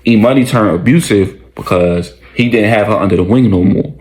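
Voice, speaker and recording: A man casually telling a story, slangy and conversational, with animated retelling. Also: lowish voice, moderate pace, low-quality recording.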